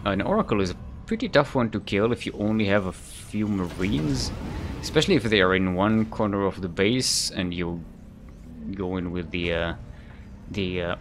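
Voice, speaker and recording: A man's voice: sits low, slight background noise. A man casting a live video game match, rambling and correcting himself often with a light chuckle, while faint music plays behind. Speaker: esports caster.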